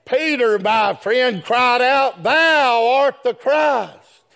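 High, gravelly whooping preacher man. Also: very slow, a bit bright. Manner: folksy plain speech with calls of "brethren" and "my friend". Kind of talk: sermon.

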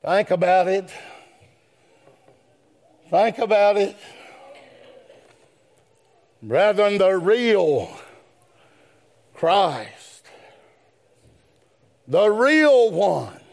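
High, gravelly whooping preacher man. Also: animated, extremely slow, long pauses, a little mellow. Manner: folksy plain speech with calls of "brethren" and "my friend". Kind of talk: sermon.

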